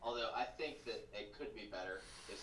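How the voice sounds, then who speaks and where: A man chatting casually as a podcast guest, relaxed and swearing freely. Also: lowish voice, a little fast, recorded from a distance. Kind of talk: casual chat. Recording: echoey room, set back from mic, faint noise.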